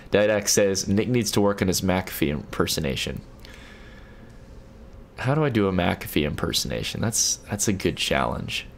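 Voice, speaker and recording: A young man hosting a late-night stream reads viewer messages aloud and answers in a casual, stop-start way, often restarting. His voice sits low and sounds animated, at normal speed with frequent pauses, and there's slight background noise.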